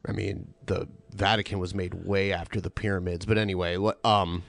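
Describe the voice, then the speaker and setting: A man's voice: deep voice, flat delivery, fairly quick, creaky, a little hiss or hum. A man co-hosting a casual podcast, explaining and correcting facts in a matter-of-fact way. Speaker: co-host.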